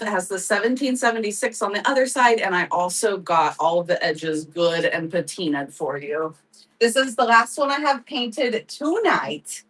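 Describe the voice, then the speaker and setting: A woman's voice: medium pitch, moderate pace, a bit bright, distant mic, poor audio. A woman hosting a live craft sale, chatting casually, laughing often and thanking viewers by name. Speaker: live-selling crafts host. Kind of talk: casual livestream chat.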